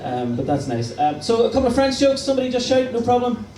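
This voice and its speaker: A man's voice: extremely high pitch, sing-song, quick pace. A male stand-up comedian doing a live set, chatty and teasing as he works the crowd. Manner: cheeky, chatty, teasing the audience. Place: live comedy venue stage. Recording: roomy distant live room with crowd noise.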